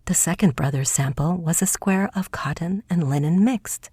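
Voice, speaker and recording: Husky low-voiced woman reading a folk tale. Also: normal speed, mellow, no room sound, clean studio sound. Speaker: audiobook narrator. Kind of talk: scripted storybook narration.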